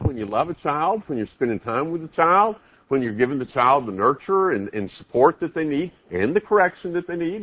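Husky man preaching with lively emphasis. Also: fairly high pitch, brisk, no echo, dull audio. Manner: emphatic, asks many rhetorical questions. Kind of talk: sermon.

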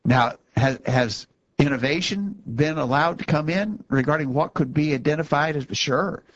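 A man's voice: a little high, normal speed, muffled recording. A man co-hosting a Bible discussion show, explaining Scripture in an emphatic, conversational way and repeating himself when he insists.

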